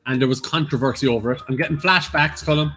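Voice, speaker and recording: A man's voice: mid-range voice, fast, soft background music. A man with an Irish accent co-hosting a casual online quiz, teasing and cracking jokes. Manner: teasing, lively, jokey asides. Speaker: quiz co-host. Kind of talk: casual live-stream quiz banter.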